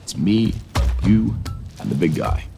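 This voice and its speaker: A hot-headed warrior god with a low, gravelly voice that swings widely in pitch. He rages and pleads by turns, with film score under him. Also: sing-song, unhurried, soft background music, full character voice. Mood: urgent. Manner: shouting in frustration, then sheepish apology. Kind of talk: film dialogue.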